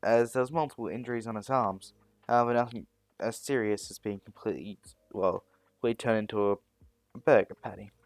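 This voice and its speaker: A man's voice: on the low side, fairly even intonation, a little fast, no room sound, faint music behind. A man narrating a fan story, often stopping to correct himself as he goes. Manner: rambling, self-correcting.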